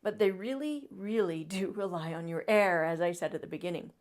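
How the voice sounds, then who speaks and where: A woman's voice: fairly low pitch, a little fast, a little mellow. A woman teaching trumpet in an instructional video, coaching encouragingly with breath cues and demonstrations.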